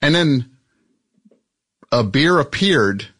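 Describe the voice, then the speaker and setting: Teasing husky-voiced man host. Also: medium pitch, animated, slow, fairly bright tone, no room sound. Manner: teasing, insistent, repeats himself. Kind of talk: joking casual chat.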